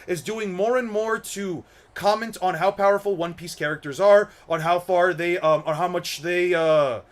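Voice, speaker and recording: A man's voice: high-pitched, steady tone, normal speed. A young man hosting an anime commentary channel, ranting casually, rambling, repeating words and swearing. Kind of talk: casual opinion rant.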